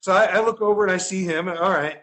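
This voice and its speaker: A man telling a rambling, animated story in casual podcast chat, laughing often as he goes. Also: high voice, fast talker.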